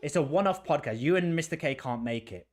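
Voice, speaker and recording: A man's voice: fairly high pitch, animated, fairly quick. Playful man hosting a podcast. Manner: playful, jokey, rambling. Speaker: podcast host. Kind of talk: casual chat.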